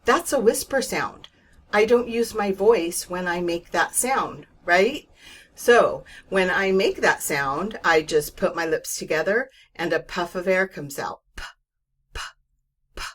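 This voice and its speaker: Slow, patient woman reading teacher. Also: fairly low pitch, lively intonation. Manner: slow, patient, reassuring explanation with demonstrated whispers. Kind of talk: instructional video lesson.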